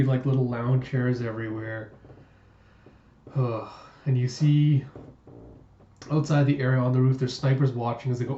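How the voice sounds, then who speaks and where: A man's voice: mid-range voice, mellow, echoey room, muffled recording. A man narrating a comic book readthrough, reading the characters' dialogue aloud between chatty asides, sighs and groans.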